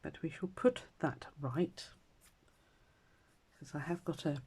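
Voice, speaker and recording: A woman in her fifties chatting casually at home as she stitches, rambling from story to story and trailing into quiet mutters. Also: sits low, lively intonation, slow pace, long pauses, breathy edge. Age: 50s. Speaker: crafter vlogger. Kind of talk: casual chat while stitching.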